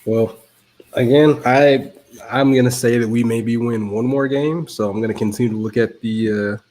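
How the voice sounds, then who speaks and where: A man's voice: medium pitch, steady tone, moderate pace, darkish tone. A man co-hosting a casual sports podcast, talking in a dry, blunt, joking way. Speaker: podcast co-host.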